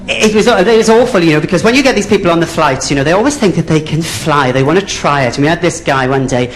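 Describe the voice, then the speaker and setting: A man's voice: fairly high pitch, slight background noise. A man with a Welsh accent performing a bawdy stand-up routine as a drag comedian, chatty and calling the audience "dear". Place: theatre stage.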